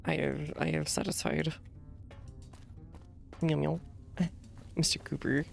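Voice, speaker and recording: A woman's voice: low voice, fairly even intonation, slow, vocal fry, soft background music. A woman streaming a game, chatting casually with rambling, self-questioning asides. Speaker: gaming streamer. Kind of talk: casual let's-play commentary.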